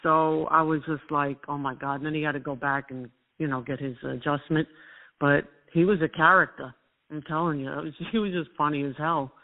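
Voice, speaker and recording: New male co-host, high-pitched, animated storyteller. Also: brisk. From New York. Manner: animated storyteller, laughs at his own tales. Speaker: talk radio co-host. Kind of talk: casual radio chat, storytelling. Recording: tinny phone-line sound.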